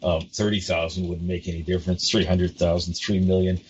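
An emphatic man hosts a talk show, his low voice pressing each point with earnest repetition. The audio is dull and lo-fi, with faint ambient noise behind him. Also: flat delivery, a little fast. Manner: emphatic, earnest, repeats words for effect. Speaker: show host. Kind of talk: impassioned talk-show chat.

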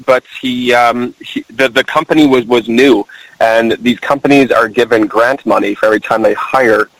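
A man in his twenties calling in to a talk show, speaking in a halting way with frequent stammers and restarts. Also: medium pitch, fairly even intonation, a bit bright, dry recording, poor audio. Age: 20s. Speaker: guest caller. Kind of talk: casual call-in talk.

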